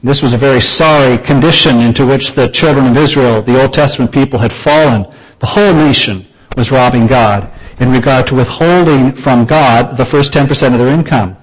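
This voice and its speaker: Man, pastor, sermon, middle pitch, measured delivery, slows for emphasis, dry asides. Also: breathy edge, low-quality recording. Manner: measured preaching with slowed emphasis on key phrases.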